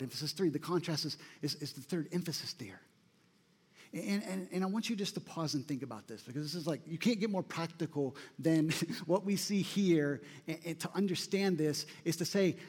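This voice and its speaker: A male pastor delivers a sermon in a high voice. He is emphatic and repeats his key lines, slowing down when he quotes scripture. His voice carries a long reverb, as if echoing through a church hall. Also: husky.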